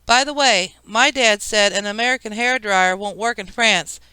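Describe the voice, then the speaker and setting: A woman's voice: mid-range voice, moderate pace, sharp tone, clean tone, dry recording, lightly acted, rough recording. A woman reading an audiobook, voicing a naive fourteen-year-old girl full of questions.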